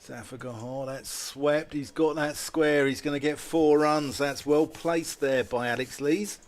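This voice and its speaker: On live radio, a man with a somewhat high voice gives unhurried ball-by-ball commentary on a cricket match. His play-by-play is lively, and his voice lifts whenever a big shot comes.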